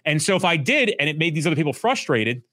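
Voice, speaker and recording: A man who runs a police training company chats on a casual podcast in a slightly high, fast voice, blunt, profane, and animated. He acts out quoted talk in loud bursts, and the sound is dry and close with no room sound.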